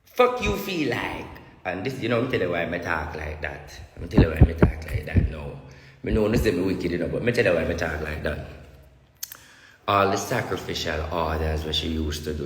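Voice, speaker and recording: A man's voice: lowish voice, bright, forceful tone. Jamaican man ranting in an echoey room. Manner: preachy, repetitive, declamatory. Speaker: self-styled spiritual prophet. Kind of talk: ranting monologue to viewers. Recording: echoey room with long reverb.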